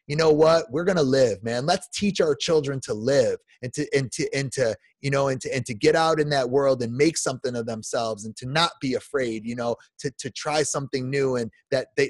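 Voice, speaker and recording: A man's voice: medium pitch, dry recording. A man in his forties, a podcast guest delivering an emotional, heartfelt rant full of restarts. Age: 40s. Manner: emotional, repetitive restarts, says "man" often.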